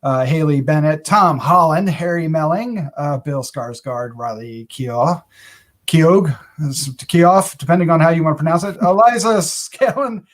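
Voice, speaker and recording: A man hosting a casual movie review show, upbeat and quick to laugh. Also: fairly high pitch. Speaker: podcast host.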